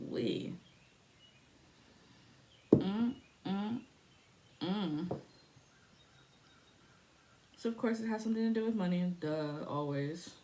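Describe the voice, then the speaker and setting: A woman's voice: fairly low pitch, darkish tone. A woman giving a casual spiritual reading, chatty and profane, laughing often and shifting into a spoken prayer to invoke spirits. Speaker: spiritual reader.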